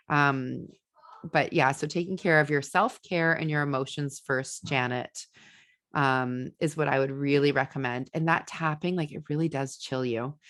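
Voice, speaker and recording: A woman hosting a podcast, giving casual parenting advice with fillers and restarts, acting out venting voices. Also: low-pitched. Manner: animated, acts out venting voices. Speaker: podcast host and ADHD parenting coach.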